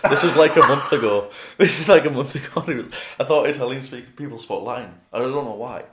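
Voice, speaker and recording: A man's voice: medium pitch, brisk. A man in his twenties from England, a comedian guest telling rambling stories and laughing through his words on a podcast. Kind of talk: casual podcast storytelling. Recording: roomy echo.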